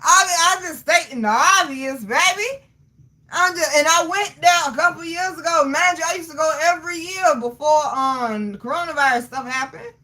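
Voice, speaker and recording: High, bright woman in her thirties, brash livestream host, loud, swearing, quick to laugh. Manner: animated, loud, laughs often, salty slang. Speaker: livestream host reading chat. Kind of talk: casual chat.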